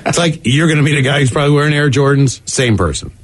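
A man's voice: fairly high pitch, fast, slight background noise. A man co-hosting a talk show, chiming in casually and explaining things in a matter-of-fact way. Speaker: radio co-host.

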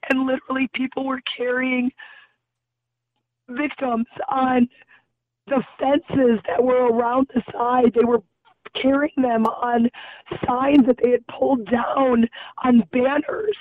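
A shaken woman caller, her voice going hoarse, telling her account in halting phrases with many restarts from a car on her way home. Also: sits high, little pitch movement, dry recording. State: losing voice. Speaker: caller, festival bartender. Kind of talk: emotional phone-in account. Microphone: phone. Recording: tinny phone line.

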